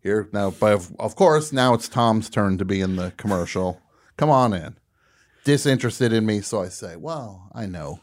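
A man hosting a radio show, telling a comic story in a casual, animated way and laughing at his own punchlines. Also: fairly low pitch, moderate pace.

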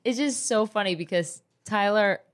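A woman's voice: medium pitch, normal speed. A young woman with a New Jersey accent co-hosts a casual podcast. She laughs often, swears freely and cuts in over her friend. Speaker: podcast co-host. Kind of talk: casual chat.

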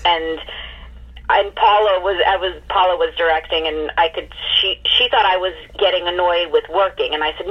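A woman voice actress and audiobook narrator chatting in an interview, animated and quick to laugh. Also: on the low side, breathy edge, highs cut off. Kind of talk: casual interview chat. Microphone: remote call.

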